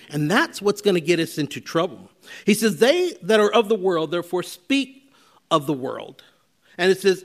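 A man preaching a sermon in a conversational way, with frequent fillers and restarts, and he acts out the voices of people he quotes. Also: on the high side.

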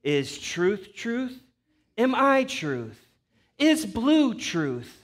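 A man's voice: high voice, huge pitch swings, very slow, heavily acted. Man doing a spacey stoned dude. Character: spacey stoned guy, drawling and aimless.

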